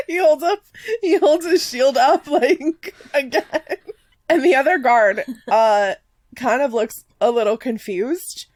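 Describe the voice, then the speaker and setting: A woman's voice: high voice, slow, darkish tone, no echo. A woman narrating a tabletop game as game master in a casual, filler-heavy way.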